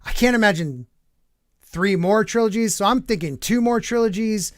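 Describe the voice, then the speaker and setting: A man's voice: high-pitched, normal speed, dry recording, studio quality. A man hosting a live podcast, reading entertainment news aloud and rambling through his thoughts with lots of fillers. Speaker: podcast host. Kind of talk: casual live-stream news commentary.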